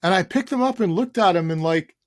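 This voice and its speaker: A man's voice: high voice, animated, brisk, dry recording. Middle-aged male guest, loose and rambling, casual swearing, dry recording. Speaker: guest, sneaker journalist. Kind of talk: casual interview chat.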